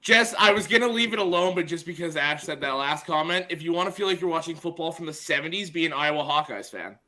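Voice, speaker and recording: A man with a bright, slightly high voice banters on a sports podcast. He teases the others with quick, confident jabs. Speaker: podcast co-host. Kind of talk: casual sports chat.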